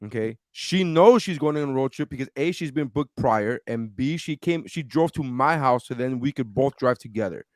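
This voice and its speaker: Podcast host, man, mid pitch, lively storyteller who acts out quotes, dry close studio sound. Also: normal speed, hardly any pauses, no echo. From Nicaraguan heritage. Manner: animated storyteller, acts out quotes in other voices; swears freely. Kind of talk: casual chat.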